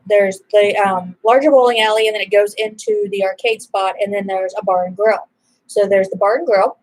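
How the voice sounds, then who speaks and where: A woman's voice: medium pitch, poor audio. Young adult woman, casual rambling vlog chat, eating as she talks, easily exasperated. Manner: rambling and chatty, eating while talking. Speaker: vlogger chatting while eating supper.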